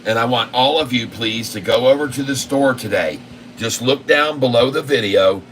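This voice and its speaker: This channel host has a medium-pitched, slightly bright voice at a moderate pace. He runs live market commentary, rattling through long strings of prices in an insistent, repetitive way, recorded from a distance over a faint AC hum.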